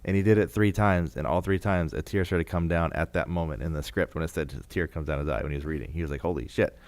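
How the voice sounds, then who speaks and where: A man co-hosting a podcast, chatting casually as an animated storyteller who swears freely. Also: a bass voice, fast. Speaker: podcast co-host. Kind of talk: casual chat.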